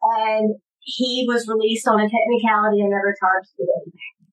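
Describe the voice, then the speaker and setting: A woman guest giving personal testimony in an interview, earnest and emphatic, with halting restarts. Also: fairly high pitch, flat delivery, a bit bright, low-quality recording.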